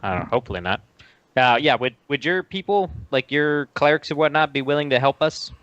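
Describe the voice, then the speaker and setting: A man's voice: medium pitch, a little fast, a bit bright, dry recording, muffled recording. Casual male player, dry sound. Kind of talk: tabletop game play.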